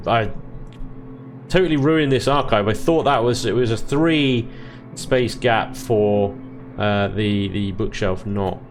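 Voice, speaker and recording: A man casually commentating his strategy game play, chatty, self-deprecating and quick to laugh. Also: lowish voice, gravelly. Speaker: let's play host.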